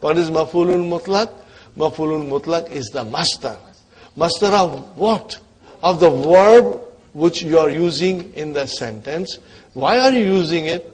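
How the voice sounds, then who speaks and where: A man teaching an Arabic grammar class, coaxing his students and checking in with them often, his voice dropping away quietly at the ends of phrases. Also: a little high, a little slow, breathy edge.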